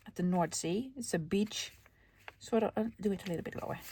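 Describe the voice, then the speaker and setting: Dutch woman, crafting host, casual self-narration, soft asides, mid pitch. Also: a little fast, a little hiss or hum. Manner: chatty, self-narrating, often drops to a soft whisper.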